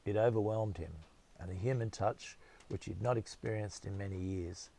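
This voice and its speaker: A man narrating a novel as an audiobook in a steady, measured storytelling manner. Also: lowish voice, vocal fry.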